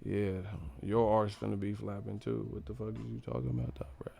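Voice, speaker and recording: A young man from the United States, hosting a casual live stream and joking loudly with lots of profanity. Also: fairly low pitch, level tone, fairly quick, vocal fry, a little hiss or hum. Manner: loud, profane, joking, laughs a lot.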